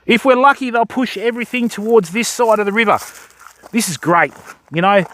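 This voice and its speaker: Excited Australian man streaming outdoors. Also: high voice, a little fast, dry recording. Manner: excitable, calls viewers fam and mate. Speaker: fishing livestreamer. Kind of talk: live commentary to stream chat. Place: outdoors by a river.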